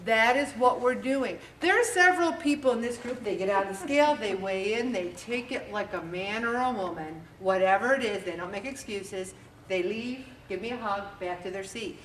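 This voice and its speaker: A woman leading a weight-loss group, giving an animated motivational talk and acting out quotes. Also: mid-range voice, moderate pace. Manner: animated, acts out quotes with lively voices. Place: meeting room with an audience. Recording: echoey room recorded from a distance, faint hiss.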